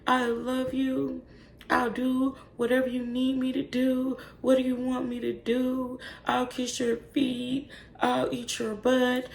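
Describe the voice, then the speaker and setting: A woman's voice: high-pitched, completely flat delivery, slow pace, vocal fry, echoey room, slight background noise, voice pushed up, full character voice, poor audio. A woman doing a whiny, crying man begging. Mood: begging, tearful. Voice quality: whiny, pleading. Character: crying, begging grown man, pleading like a scolded puppy.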